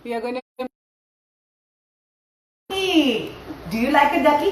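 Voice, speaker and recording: A woman's voice: sits high, lively intonation, unhurried, recorded from a distance, very noisy. A woman yoga trainer leading a playful class for parents and children, asking the class questions in a sing-song, storytelling way. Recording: very echoey room with faint ambience.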